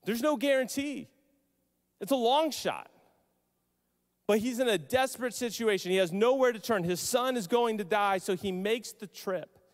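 A male pastor preaching a sermon, telling the story emphatically with pauses. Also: high-pitched. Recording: long hall reverb.

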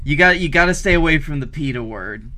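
A man's voice: a little high, animated, brisk, bright, forceful tone, slight background noise. A man co-hosting a comedy podcast, chiming in with dry, probing remarks. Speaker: podcast co-host. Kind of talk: comedic banter.

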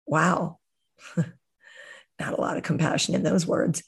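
Woman, wellness podcast host, lowish pitch, unhurried and sincere. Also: creaky, husky. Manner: calm, earnest, gently coaching, slows for guided breathing. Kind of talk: reflective podcast monologue. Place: outdoors, hears birds and breeze.

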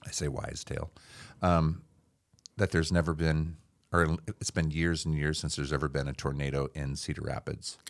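A man's voice: rumbling low, completely flat delivery, normal speed, vocal fry. A man hosting a podcast, easygoing and jokey, who often restarts his sentences. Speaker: podcast host. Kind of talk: casual chat.

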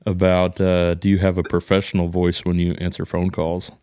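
A man's voice: sits low, monotone, moderate pace, a little mellow, clear, resonant tone, no room sound, studio quality. A man from Texas with a Texan accent, hosting a casual podcast chat and joking around. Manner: joking, mimics voices in quotes. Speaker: podcast host.

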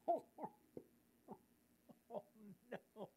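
A man's voice: high-pitched, moderate pace. Rambling, giggly man. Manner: rambling, giggly, self-mocking; preachy exhortation. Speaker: host and evangelist. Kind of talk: casual Christian talk show chat.

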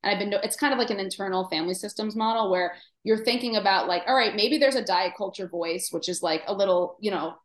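A woman's voice: mid-range voice, quick pace, few pauses, roomy sound. A woman nutritionist co-hosting a casual podcast conversation, chatty and full of fillers. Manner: chatty, many fillers, plays inner voices in quotes. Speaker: nutritionist co-host.

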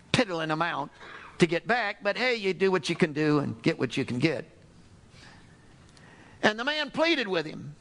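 A man preaching a sermon in a high, lively voice that swings widely as he tells a parable. His tone carries a gravelly roughness, and he slips into acting out the characters in the story. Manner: animated storytelling, acts out characters. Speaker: pastor.

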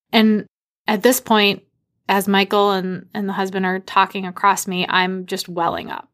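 A woman in her thirties, from the Boston area, telling a personal story in a lively, animated way. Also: mid-range voice, normal speed. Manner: animated, acts out quoted dialogue.

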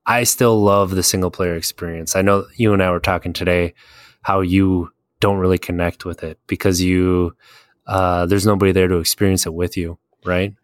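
A man with a very deep voice tells gaming stories in a loose, conversational way and laughs at his own tales. The sound is dry and close, with no room around him. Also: no echo. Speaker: podcast co-host. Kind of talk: casual chat about video games.

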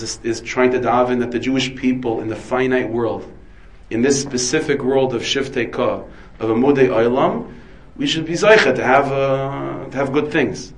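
A man's voice: mid-range voice, low-quality recording. A man, a rabbi, giving a Torah lecture full of Hebrew terms, asking and answering his own questions. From United States. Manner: dense with Hebrew and Yiddish terms.

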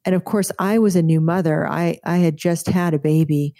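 Low, mellow-voiced woman telling a story. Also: fairly even intonation, moderate pace, dry recording, clean studio sound. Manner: earnest, vivid, with frequent restarts. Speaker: guest physician and author. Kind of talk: storytelling in a casual interview.

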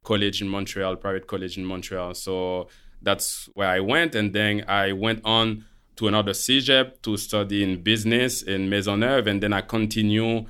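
A man from Canada and Haiti recalling his upbringing as an interview guest, measured and reflective. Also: fairly low pitch, fairly even intonation, sharp tone, clear, resonant tone. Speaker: guest, portfolio manager. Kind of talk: interview storytelling.

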